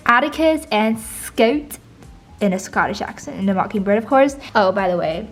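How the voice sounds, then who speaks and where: A woman's voice: mid-range voice, brisk. Giggly teen girl touring her notebooks. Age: teens. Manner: playful, giggly, dramatic read-alouds. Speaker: vlogger. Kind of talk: casual notebook tour.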